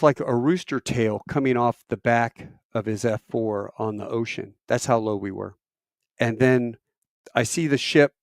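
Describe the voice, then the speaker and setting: Middle-aged man, veteran spinning a tall tale: lively, rambling, self-mocking, dry close sound, mid-range voice. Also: smooth, dry recording. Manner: animated, acts out quoted voices with big pitch jumps; self-deprecating, rambling with fillers. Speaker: military veteran storyteller. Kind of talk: casual storytelling.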